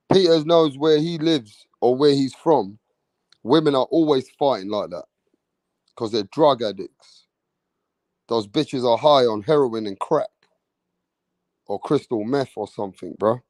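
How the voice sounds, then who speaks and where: A man's voice: mid-range voice, no room sound. A young man hosting a livestream, chatting brashly with lots of swearing and as he reads out viewer comments. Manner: brash, swearing, slangy, loud hype bursts. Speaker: livestream host. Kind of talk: casual livestream chat reading viewer comments.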